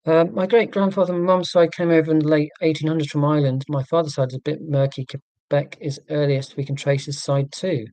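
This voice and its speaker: A man's voice: a little high, steady tone, fairly quick, darkish tone, dry recording. Rambling English man on a dry close mic. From England. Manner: self-deprecating, digressive, joking. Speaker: livestream host. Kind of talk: rambling live chat.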